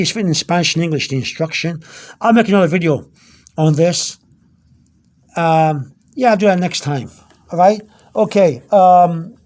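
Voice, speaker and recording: Man, high-pitched voice, casual vocabulary lesson, halting and repetitive, keeps asking okay. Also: darkish tone. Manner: halting, repeats words and checks in with "okay?". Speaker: language teacher. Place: indoors, pointing at a product label.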